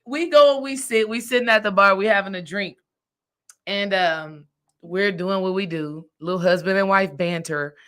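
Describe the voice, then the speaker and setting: A woman's voice: mid-range voice, moderate pace, clear, resonant tone. A woman spiritual coach telling a story in a casual, chatty way, often checking in with her listeners. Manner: chatty, animated, asks "right?" often.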